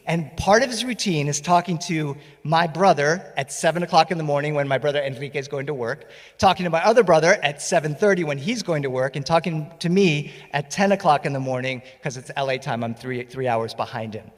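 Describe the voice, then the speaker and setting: A man performing stories live on a festival stage, playful and animated, speaking into a stage microphone. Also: on the high side, brisk, long reverb tail. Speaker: storyteller. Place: festival stage before an audience.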